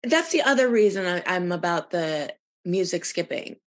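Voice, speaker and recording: A woman's voice: on the low side, lively intonation, normal speed. A middle-aged woman co-hosting a podcast, chatting casually and hesitantly, often trailing off and restarting. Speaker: podcast co-host. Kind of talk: casual chat.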